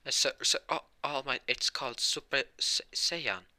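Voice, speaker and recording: A man voicing a shy teenage boy hero who stammers and hesitates in a higher voice. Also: normal speed, bright, forceful tone. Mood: nervous.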